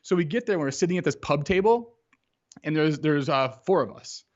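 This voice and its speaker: A man in his thirties tells a personal story as a podcast guest, his voice sitting a little high for a man. He talks casually and acts out the lines of the people in his story. The audio is slightly dull and lo-fi. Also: a little fast. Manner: animated storyteller acting out quotes, lots of "like".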